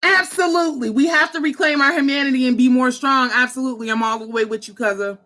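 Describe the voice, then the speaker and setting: A woman's voice: sits high, quick pace, bright, forceful tone. A woman in her thirties, a social worker, talking about her own trauma in a raw, emphatic, profane way. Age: 30s. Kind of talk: impassioned personal talk.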